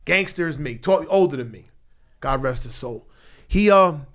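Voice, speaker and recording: A middle-aged man from Philadelphia, a podcast guest telling his story frankly, with rough language, getting loud when angry and dropping quiet when tender. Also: animated, normal speed. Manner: blunt, profane, emotional; grows loud when angry, drops low and quiet when tender. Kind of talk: candid storytelling interview. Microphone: studio mic.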